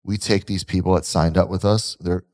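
A man's voice: low voice, normal speed. A man co-hosting a casual podcast, a fitness coach telling stories energetically and acting out quotes. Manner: energetic, animated storytelling with acted-out quotes. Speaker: fitness gym owner and podcast co-host.

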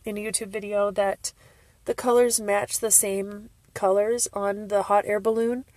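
Woman, solo podcast host, tearful and gushing, slow unhurried pace, dry close sound. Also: medium pitch, flat delivery, a little mellow, no echo. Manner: emotional, laughing and tearful, gushing. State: crying. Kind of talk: casual solo fan podcast.

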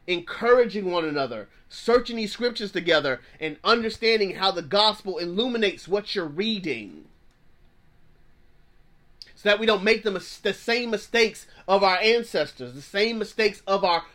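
A man's voice: sits high, fairly bright tone. A man in his thirties, a pastor preaching with fervor, repeating phrases for emphasis and dropping into plain slang. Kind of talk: preaching sermon.

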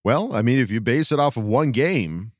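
A man hosting a casual sports podcast, reading out listener questions in an animated, joking way. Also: mid-range voice, moderate pace, dry recording, clean studio sound. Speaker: podcast host.

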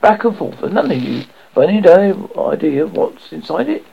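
A man reading aloud and voicing the Doctor, an eccentric time traveller who is politely insistent and brisk. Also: a little high, expressive, gravelly, breathy edge, voice pushed up, full character voice. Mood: pleading. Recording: dull lo-fi audio.

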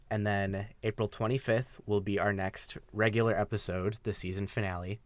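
A man co-hosting a casual gaming podcast, relaxed and full of fillers, laughing often. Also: on the low side, dry recording. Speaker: podcast co-host. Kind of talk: casual chat.

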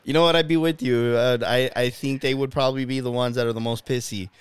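A man's voice: mid-range voice, clean tone, dry recording. A man hosting a podcast in casual chat, playful, laughing often and swearing casually. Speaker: podcast host.

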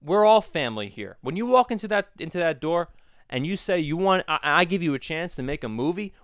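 A man playing an offended movie producer, sliding into a rough mob-boss impression. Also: on the high side, sing-song, a little fast, a bit bright, no echo. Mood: indignant. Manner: mock-indignant, gravelly mob-boss impression.

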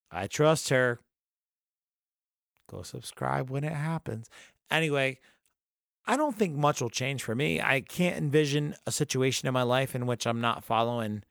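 A man at an average pitch rants through a casual podcast chat, swearing freely as he vents. His voice is close and dry, with no room sound around it. He talks like a regular host sounding off to his co-host. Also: dry recording. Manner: profane, ranting, animated.

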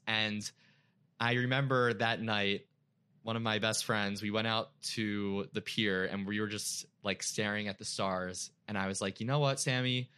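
A young man with a low but bright, forward voice shares a heartfelt personal story in casual talk. He leans on "like" constantly and sounds openly emotional. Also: clean tone. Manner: emotional, frequent "like" fillers. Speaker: guest.

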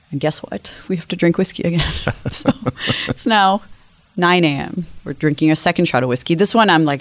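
A woman guest on an interview, telling a story in a lively, animated way at a quick clip. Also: deep voice, no echo. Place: conference venue.

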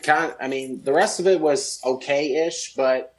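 A man's voice: a little high, measured pace. A man co-hosting a wrestling podcast, giving short laid-back replies in casual chat. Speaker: podcast co-host.

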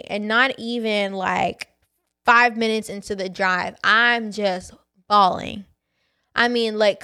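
A woman's voice: mid-range voice, a bit bright. A woman hosting a faith podcast, candidly telling a personal story and talking straight to her listeners. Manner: candid and conversational, addresses listeners as y'all. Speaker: podcast host.

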